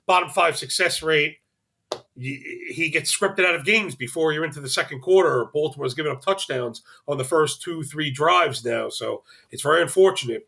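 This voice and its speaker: A man's voice: fairly high pitch, gravelly, sharp tone, slightly rough. A man analyzing fantasy football on a podcast, rattling off stats and slipping in dry jokes. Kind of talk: fantasy sports podcast chat.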